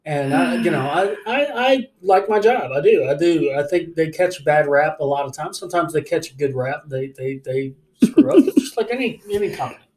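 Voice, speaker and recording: A man's voice: a little high, brisk, few pauses, roomy sound, poor audio. A man casually telling a story as a podcast co-host, acting out angry phone calls and cursing as he goes. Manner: animated, swearing, acts out angry phone calls.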